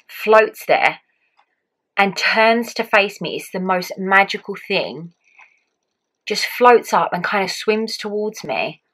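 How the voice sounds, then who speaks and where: A woman's voice: on the low side, a bit bright, poor audio. A young woman telling a personal story in casual vlog style, chatty and acting out what people said. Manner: chatty, acts out quotes, frequent "like". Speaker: vlogger.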